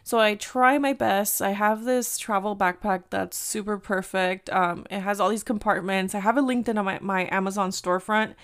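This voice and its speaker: Mexican-American woman, 30s, podcast host; chatty, animated storyteller with Spanish asides. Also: medium pitch, normal speed, hardly any pauses, clean tone. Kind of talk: casual storytelling chat.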